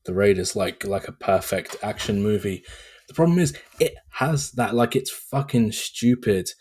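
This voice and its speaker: British man, husky and low. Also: darkish tone. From Britain. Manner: laughing often, quick wry asides. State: tired late at night. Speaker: guest. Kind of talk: casual podcast chat.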